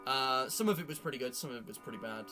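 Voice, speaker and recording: A man's voice: medium pitch, quick pace, sharp tone. A man hosting a casual chat with friends, giving opinions in a rambling way with lots of fillers. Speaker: YouTube host. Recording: music playing under the voice.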